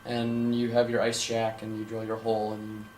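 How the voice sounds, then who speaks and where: A man's voice: lowish voice, normal speed. A young man from Minnesota, telling stories casually in an interview and acting out the voices he quotes. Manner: animated, acts out quoted voices. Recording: echoey room with faint hum.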